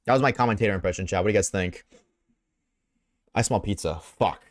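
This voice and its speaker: A young man streaming live, reading chat and reacting in a casual, slangy, excitable way, swearing freely. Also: low voice, a little fast.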